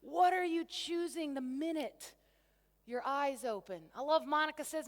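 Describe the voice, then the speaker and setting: A woman coach giving an energetic keynote to a conference crowd, asking rhetorical questions on a stage microphone. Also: high-pitched, normal speed. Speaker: motivational coach. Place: large convention centre hall. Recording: long reverb of a big hall.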